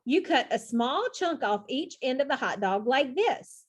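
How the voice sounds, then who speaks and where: A woman's voice: sits high, sing-song, a little slow, heavily acted. A woman voicing a confident, playful young boy who explains a silly game, reading a storybook aloud. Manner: easygoing, instructing.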